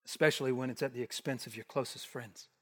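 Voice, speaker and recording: A man preaching an expository sermon, emphatic, rising to forceful bursts and dropping to hushed asides. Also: mid-range voice, steady tone, quick pace. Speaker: pastor. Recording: long hall reverb.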